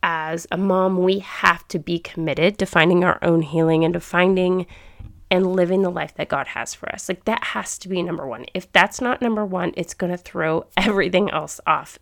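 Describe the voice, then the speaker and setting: Chatty woman podcast host, gravelly voice. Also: on the low side, steady tone, moderate pace, fairly bright tone. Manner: chatty and enthusiastic, thinking aloud. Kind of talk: casual faith podcast talk.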